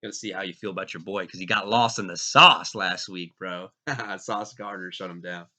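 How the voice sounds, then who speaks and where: A man hosting a fantasy football league show, talking casually with animated, self-correcting energy while getting over being sick. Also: low voice, moderate pace. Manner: animated, hyped, self-interrupting. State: recovering from illness, coughing. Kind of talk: casual fantasy sports talk. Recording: dull lo-fi sound.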